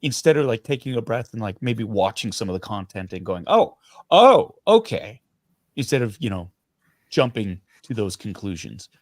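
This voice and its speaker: A middle-aged man from Canada, a guest actor speaking in a casual interview, earnest and animated, often restarting his sentences. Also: fairly low pitch, brisk, no echo, clean studio sound.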